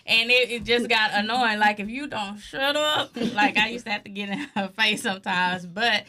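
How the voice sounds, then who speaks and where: A woman's voice: mid-range voice, moderate pace. A middle-aged woman, a mother, telling family stories in a casual chat and laughing often. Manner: storytelling, animated, laughs often.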